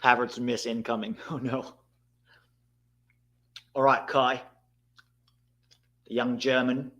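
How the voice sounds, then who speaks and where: A man at medium pitch hosts a live broadcast of a match viewing. He talks casually and reacts loudly to decisive moments. He keeps addressing the viewers in the chat. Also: takes it slowly, dull audio. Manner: excitable, bursts out at big moments, talks to chat. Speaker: host of a live watchalong.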